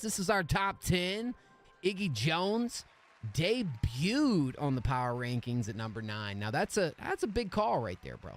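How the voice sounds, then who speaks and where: A man hosts a music review livestream in loose, slangy casual talk, greeting viewers by name. His voice sits a bit high and jumps all over in pitch. Faint music plays behind him.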